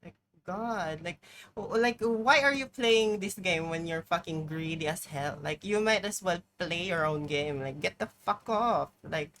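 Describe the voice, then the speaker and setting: Low, slow-talking exasperated woman streamer. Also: fairly bright tone, slight background noise. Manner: exasperated, profane, heavy use of "like". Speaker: live streamer. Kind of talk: live gameplay commentary.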